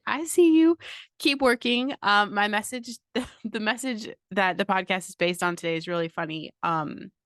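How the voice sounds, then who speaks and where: A woman's voice: medium pitch, a bit bright, dry recording, studio quality. A middle-aged woman hosting her own podcast, talking casually and bluntly with plenty of swearing and fillers. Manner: blunt and profane, chatty with many fillers. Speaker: podcast host. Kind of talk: casual motivational monologue.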